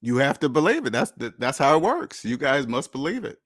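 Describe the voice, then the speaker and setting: A channel host gives a casual but blunt, lecturing monologue, repeating his points for emphasis. His mid-range voice is very animated and a bit bright, he talks fairly quickly, and the studio sound is clean with no echo.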